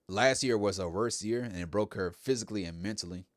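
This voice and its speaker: A man with a fairly low voice gives a casual recap, talking in a loose, rambling way and doubling back on his words. The recording is dry and close, with no room sound. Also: a little fast, few pauses, no room sound. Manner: chatty, rambling, repeats himself. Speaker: host. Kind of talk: casual wrestling show recap.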